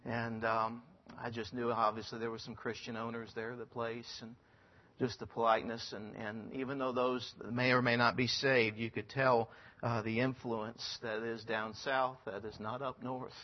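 A man's voice: medium pitch, level tone, moderate pace, lo-fi sound. Earnest missionary man, chatty church report. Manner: earnest, conversational, frequent ums and restarts. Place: church sanctuary.

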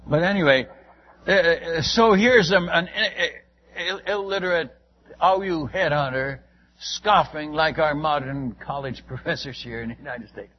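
Husky older preacher man. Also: fairly high pitch, measured pace, lo-fi sound. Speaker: missionary preacher. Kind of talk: sermon storytelling.

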